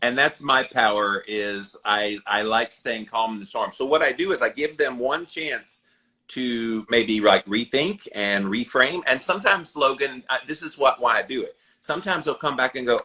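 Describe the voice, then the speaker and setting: A middle-aged man hosting a podcast, talking calmly and frankly and laughing between points. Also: medium pitch, normal speed. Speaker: podcast host. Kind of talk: casual podcast chat.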